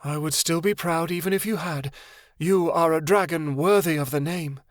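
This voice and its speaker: A man voicing a fierce but tender mother she-dragon, soft, high and motherly. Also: moderate pace, no room sound, studio quality, lightly acted.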